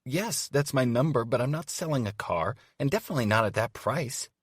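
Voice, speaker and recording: A man voicing a sharp-tongued young woman talent agent in an audiobook, mocking and sweetly teasing. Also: mid-range voice, lively intonation, brisk, slightly rough, dry recording, studio quality, pitched above the performer's own voice. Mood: flustered. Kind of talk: audiobook character voice.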